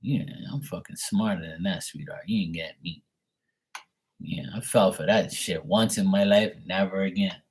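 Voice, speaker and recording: A man's voice: low voice, moderate pace, breathy edge. A man ranting casually and bluntly as a tarot reader from Bermuda, swearing freely and mocking scammers in their own voices.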